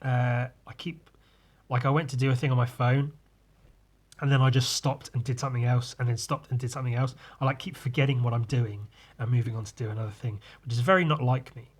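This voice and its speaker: A man's voice: medium pitch, steady tone, a little fast, husky. A man hosting a solo podcast, tipsy from drinking and rambling loosely, often trailing off and restarting. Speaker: podcast host. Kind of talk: rambling casual monologue.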